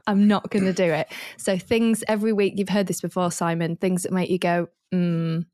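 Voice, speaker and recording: A woman co-hosting a podcast, telling stories with animated energy and acting out the voices of the people in them. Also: mid-range voice, a little fast. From northern England. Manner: animated storytelling, acts out voices. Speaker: podcast co-host. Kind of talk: casual chat.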